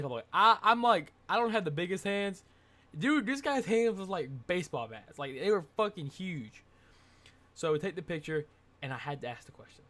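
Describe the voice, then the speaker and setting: A young man telling a casual, rambling vlog story, excitable and full of filler words. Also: a little high. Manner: excitable, rambling, says dude and like a lot. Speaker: vlogger.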